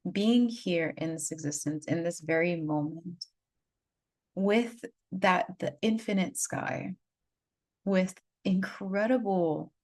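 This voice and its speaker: Low-pitched female spiritual guide, unscripted vlog storytelling, earnest and rambling, lots of "like" and repeats. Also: slow pace, a little mellow. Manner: rambling, heavy on "like", repeats phrases for emphasis; earnest, gushing. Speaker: spiritual guide and energy healer.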